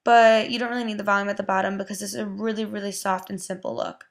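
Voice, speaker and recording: Chatty young woman with vocal fry. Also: medium pitch, flat delivery, quick pace. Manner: chatty, lots of "like" and "um". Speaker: beauty vlogger. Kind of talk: casual hair tutorial.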